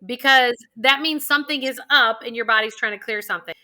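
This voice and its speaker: A woman hosting a casual interview, telling her own experiences in a bubbly, animated way. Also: fairly high pitch, a little fast. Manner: bubbly, animated storytelling with acted-out quotes. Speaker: host.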